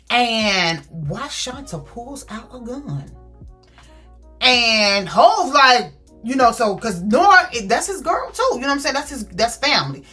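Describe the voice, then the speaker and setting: A woman's voice: fairly high pitch, sharp tone. A woman chatting casually through a book review, retelling the story with lots of fillers.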